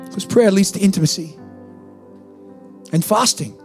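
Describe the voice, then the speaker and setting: A man's voice: sits high, normal speed, vocal fry, faint music behind. A male pastor preaching a sermon in a church, talking casually and then building to emphatic peaks.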